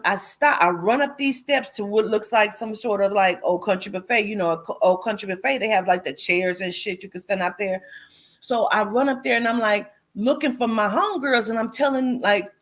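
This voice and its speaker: A woman casually recounting a vivid dream, animated and profane, acting out what people said. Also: on the high side. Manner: animated, profane, acts out quotes. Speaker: host. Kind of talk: casual storytelling.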